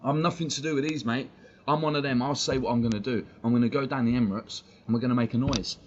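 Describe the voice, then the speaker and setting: Male stream host, heated sweary rant, mid-pitched, dull lo-fi mic. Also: fairly even intonation, fast. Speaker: fan channel host. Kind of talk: ranting live-stream commentary. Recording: dull lo-fi stream audio with faint noise.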